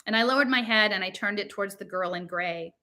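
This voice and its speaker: A woman's voice: mid-range voice, fast, sharp tone. A woman reading a novel aloud, narrating casually in teen slang. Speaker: reader.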